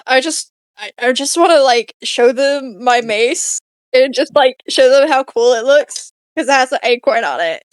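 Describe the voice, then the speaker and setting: A woman's voice: sits high, lively intonation, moderate pace, clear, resonant tone, no room sound. A woman playing a tabletop game, playful and a little hesitant, often giggling. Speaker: player. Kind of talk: casual tabletop play.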